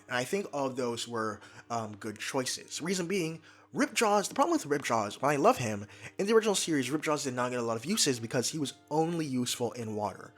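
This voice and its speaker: Eager young male commentator, rambling and animated, occasional stutters, faint music bed. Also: medium pitch. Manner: energetic, fast, stumbles and restarts when excited. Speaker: YouTube commentator. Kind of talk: excited casual commentary.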